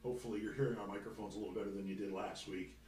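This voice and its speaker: A man's voice: fairly low pitch, fairly even intonation, racing, darkish tone, reverberant, recorded from a distance, slight background noise, low-quality recording. A man hosting a casual sports talk radio show, rambling and joking, swearing freely. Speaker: host. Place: radio studio.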